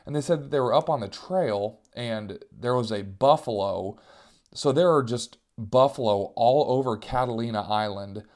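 A man telling a comic story about himself, animated and self-mocking, sometimes jumping into higher voices to act out what people said. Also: normal speed. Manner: self-mocking, animated, jumps into squeaky voices for quoted cries.

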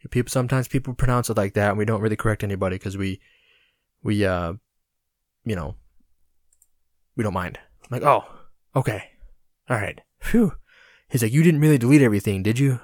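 Animated, swearing podcast host, a man. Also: fairly low pitch, moderate pace, long pauses, no room sound, studio quality. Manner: animated, swearing, self-mocking with laughs. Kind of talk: casual storytelling monologue.

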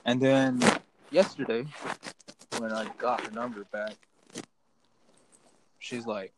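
A man's voice: mid-range voice, lively intonation, slow pace, creaky, pauses often, background noise. A young man telling a rambling, profane story to his friends in casual chat. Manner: rambling, profane, restarts often.

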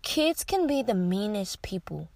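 A woman's voice: medium pitch, big pitch swings, vocal fry, a little mellow, dry recording. Heartfelt young woman, dry close sound. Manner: heartfelt, repeats phrases, halting restarts. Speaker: vlogger. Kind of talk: emotional personal confession to camera.

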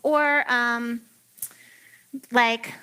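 A woman preacher talks through her sermon like a chat with friends, playful and quick to joke. Her voice is bright and a touch high, with a clear, forward ring. She fills her lines with "like" and easy asides. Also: fairly even intonation. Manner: chatty and playful, heavy use of "like". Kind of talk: casual humorous sermon.

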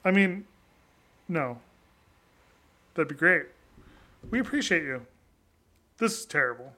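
A man's voice: a little high, very animated, slow pace, pauses often, sharp tone. A man co-hosting a casual podcast, telling a rambling story full of restarts and laughter. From New England. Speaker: podcast co-host.

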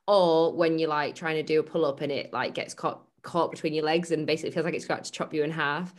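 A woman's voice: low-pitched, fairly even intonation, quick pace. A woman co-hosting a casual fitness chat, telling stories and laughing often. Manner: chatty storytelling, laughs often. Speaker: podcast co-host and fitness coach.

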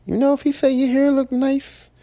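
A man's voice: very high-pitched, level tone, normal speed, mellow. A man hosting his own podcast, talking in a casual, profane, rambling monologue that keeps circling back and repeating itself. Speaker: podcast host.

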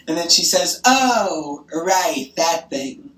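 A young woman talking on the phone with her grandmother, animated and gossipy, swearing often. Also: fairly low pitch, measured pace. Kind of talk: casual phone chat. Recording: roomy echo, distant from the mic.

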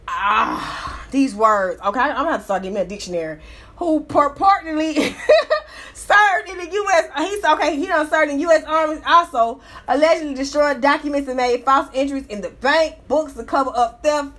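A woman reads a news article and riffs on it in a loose, profane commentary. Her voice sits high, and she talks in an animated, sassy way, often breaking into laughter. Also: moderate pace. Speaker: commentator reacting to a news story. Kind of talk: casual commentary reading and reacting to an article.

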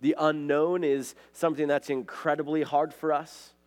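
A man's voice: fairly high pitch, little pitch movement, normal speed, darkish tone. A man from Montana, preaching a conversational sermon and telling stories in a casual way, often saying "like" and "right?". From Montana, USA. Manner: casual storytelling, frequent "like" and "right?". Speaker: pastor.

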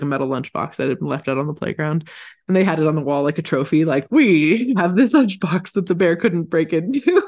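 A woman co-hosting a podcast, telling stories in a casual, animated, playful way. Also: sits low, lo-fi sound. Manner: animated, playful, quick to act out voices. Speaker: podcast co-host. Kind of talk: casual chat, storytelling.

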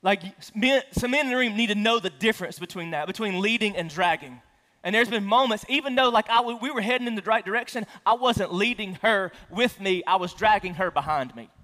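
High-voiced male pastor in a reverberant church. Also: expressive, fairly quick, bright, forceful tone. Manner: casual storytelling with self-deprecating humor. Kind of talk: conversational sermon. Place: church sanctuary. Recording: long hall reverb.

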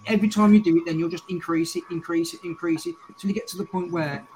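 A chatty man with a Scouse accent, his voice a touch higher than most men's. He rambles, swears casually and hosts a relaxed podcast chat. There is a faint hiss under the recording. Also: fast, low-quality recording. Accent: English, Scouse. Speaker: podcast host.

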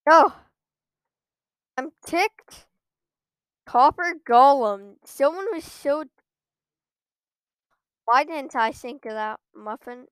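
High-voiced woman ranting over gameplay. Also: expressive, drawn-out words, pauses often, dry recording. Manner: exasperated ranting with frequent outbursts. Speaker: gamer streaming her own play. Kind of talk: live gameplay commentary. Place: at a computer.

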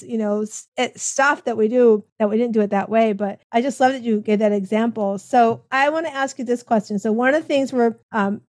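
A woman's voice: fairly high pitch, a little mellow, no echo. A middle-aged woman hosting an interview, chatting casually and encouragingly with rambling asides. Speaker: podcast host.

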